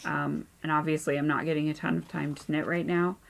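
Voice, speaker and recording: Low gravelly-voiced tired mom knitter. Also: female voice, level tone, a little fast, over a noisy crowd. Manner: chatty, many ums, low-key and tired. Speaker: knitting podcast host. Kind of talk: casual chat. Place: home craft room and playroom.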